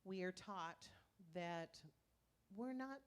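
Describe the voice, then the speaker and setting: Animated woman minister telling stories. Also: lowish voice, slow. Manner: animated storytelling, acting out inner voices. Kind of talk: conversational sermon. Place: church sanctuary.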